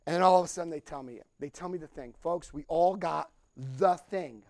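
Animated high-pitched gravelly man. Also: brisk, no echo. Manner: animated, acts out quoted dialogue, laughs while telling. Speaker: speaker at a recovery meeting. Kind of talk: storytelling talk.

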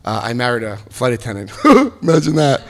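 Man in his fifties, recovery-meeting testimony, lively storytelling, jokes and high-pitched quotes. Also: a little fast. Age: 50s. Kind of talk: personal testimony to an audience.

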